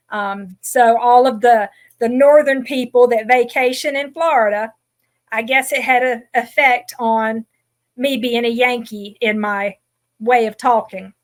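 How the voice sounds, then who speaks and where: A woman in her forties with a mild Southern accent and a fairly high voice, sharing her story as a podcast guest. She talks in a chatty, self-deprecating way, with plenty of ums. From Georgia, USA.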